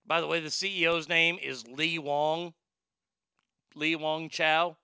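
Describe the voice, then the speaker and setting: Male comedy host who reads news with crude, irreverent asides. He has a high, very bright voice. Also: fairly even intonation, slow pace, clear, resonant tone, no room sound, studio quality. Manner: profane, irreverent joking. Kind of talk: comedic news-reading commentary.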